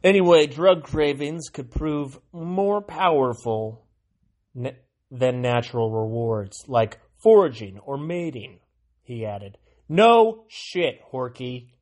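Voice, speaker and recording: Slow, mocking American man. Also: mid-range voice. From United States. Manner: irreverent, mocking asides, swings from loud to muttered. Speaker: solo commentary host. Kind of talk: sarcastic monologue reading news.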